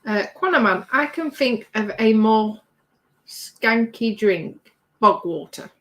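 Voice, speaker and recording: A British woman runs an informal livestream at her home craft bench, chattily rambling through viewer comments and laughing readily. Her voice is fairly high and animated, and her pace is slow.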